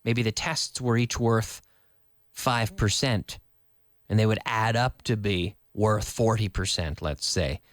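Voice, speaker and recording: A man's voice: lowish voice, slow pace, dry recording, studio quality. A man teaching a live online English lesson, explaining with repeated example sentences, glossing words in Spanish and answering viewer comments.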